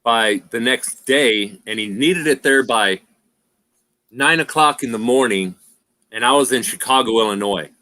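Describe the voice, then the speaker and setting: Bright-voiced man telling trucker stories. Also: medium pitch, unhurried, dry recording. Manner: rambling, laughs often, says "freaking". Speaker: livestream host. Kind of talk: casual chat and storytelling.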